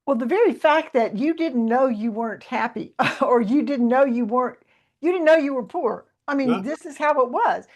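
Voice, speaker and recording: A woman's voice: sits high, lively intonation, moderate pace. A woman hosting a podcast interview, asking questions and affirming her guest. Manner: encouraging, affirming. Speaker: podcast host.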